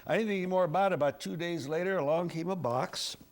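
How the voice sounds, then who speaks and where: Gravelly older man telling a funny story. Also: high voice, fast talker. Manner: wry, chuckling, animated storyteller. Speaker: TV weatherman and host. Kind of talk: humorous anecdote storytelling. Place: TV studio.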